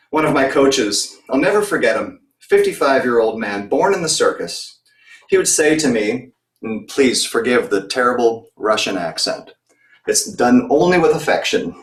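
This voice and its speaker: A man's voice: medium pitch, very animated, normal speed. A man giving a talk as a circus performer, telling his personal story in an earnest, reflective way. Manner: earnest, reflective, with occasional restarts. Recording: echoey room, distant mic.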